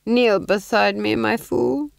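A woman voicing a mad, paranoid male duke in an audiobook, drawn out, slow and menacing, close and dry. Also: on the high side, steady tone, gravelly, no room sound, pitched above the performer's own voice, full character voice. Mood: crazed whispering. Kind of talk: audiobook character voice.

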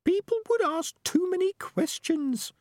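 A man doing a prim, high-voiced female rat. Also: animated, a little slow, no echo, studio quality. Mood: disapproving.

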